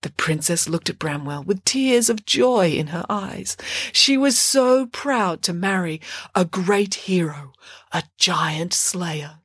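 Lady storyteller, slow and bouncy, dry close mic. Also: on the low side, breathy edge, dry recording. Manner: playful, expressive. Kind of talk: children's story narration.

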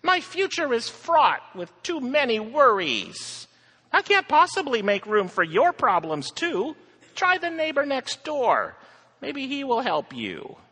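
A man voicing an anxious, fearful woman who hides behind her door and talks in a high, shrill, worried voice. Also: wildly swooping pitch, slow, sharp tone, slightly rough, exaggerated voice. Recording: long hall reverb.

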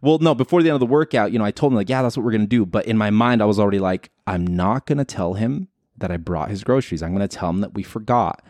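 A man's voice: lowish voice, fast, few pauses, darkish tone, no room sound. A young man co-hosting a podcast, telling a story in casual chat, rambling and acting out quotes. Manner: rambling, restarts, acts out quotes. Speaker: podcast co-host.

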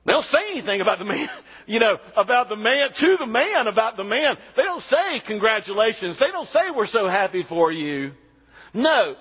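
A man preaching a sermon as pastor, emphatic and animated, sometimes dropping to a low, quiet delivery. His voice is husky. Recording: dull sound with long hall reverb.

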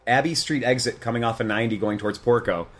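A man's voice: medium pitch, fast. A man who runs a motorcycle shop, chatting casually and bluntly, with some swearing. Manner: blunt, profane, opinionated. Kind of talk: casual podcast chat.

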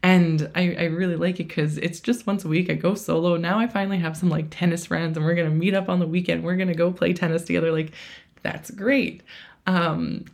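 A woman in her thirties hosts a podcast alone, speaking casually in a deep, darkish voice. She's chatty, full of fillers, and acts out quotes of herself.

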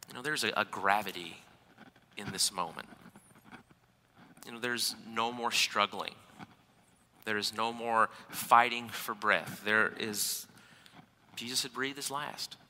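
Male preacher, earnest and measured, very bright tone, reverberant hall. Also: on the low side. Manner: earnest, with slow weighty pauses. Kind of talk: scripture reading and sermon.

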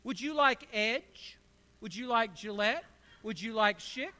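A woman's voice: on the high side, animated, quick pace, a bit bright. A man voicing his wife, asking fussy, insistent questions about what to buy at the store. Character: helpful wife offering endless choices.

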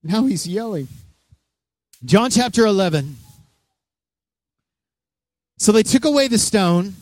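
A pastor preaching a sermon with energy, joking asides and direct questions to the congregation. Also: male voice, high-pitched, expressive, slow pace, a little mellow, no room sound, clean studio sound.

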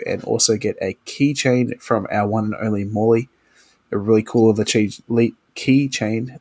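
A man's voice: lowish voice, breathy edge. A man hosting a casual podcast chat, easygoing and a few beers in, running through show announcements. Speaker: podcast host.

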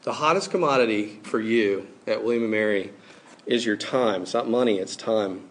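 A man's voice: on the low side, normal speed. Man preaching casually to students. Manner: casual, conversational preaching with many fillers. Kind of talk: sermon to students.

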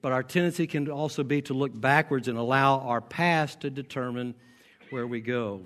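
A pastor with a faint Southern American accent preaching a sermon, stressing his key lines and repeating them slowly. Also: medium pitch, a bit bright. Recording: long hall reverb.

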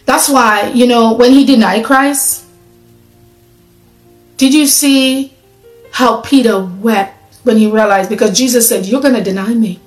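A woman's voice: a little high, slow pace, long pauses, faint music behind. Earnest woman preaching in an echoey room. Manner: earnest, conversational, rhetorical questions. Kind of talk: sermon.

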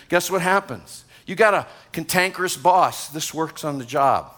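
A man's voice: high voice, moderate pace, hardly any pauses, bright, forceful tone. A man in his sixties, a pastor, preaching a sermon to a congregation in a conversational way, with asides to the room. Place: church gathering.

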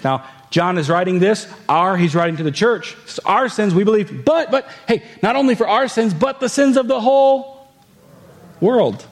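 Male pastor, slightly high voice, conversational sermon delivery with rhetorical questions to the congregation. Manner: reads scripture aloud, then explains it.

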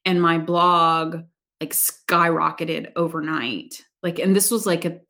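A woman's voice: low-pitched, fairly even intonation, slow pace, sharp tone. A woman guest on a podcast, talking casually and hesitantly, with many fillers.

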